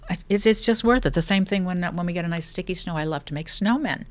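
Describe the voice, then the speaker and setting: A woman's voice: fairly low pitch, fast. A middle-aged woman hosting a lifestyle talk, speaking casually with many restarts and playful asides. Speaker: host of a lifestyle show. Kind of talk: casual spoken talk on self-help.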